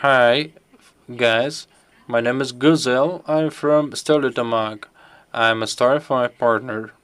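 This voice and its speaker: Male interpreter for a live Q&A, unhurried and clear-toned, pauses to find words. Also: mid-range voice, steady tone, fairly bright tone. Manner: halting, picks words as he goes.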